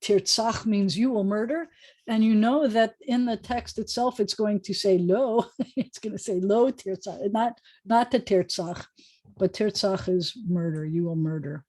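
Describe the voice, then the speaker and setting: Over a video call, a woman rabbi leads an informal online Hebrew class, chatting and joking as she slowly sounds out words. Her voice is mid-range with a dark tone.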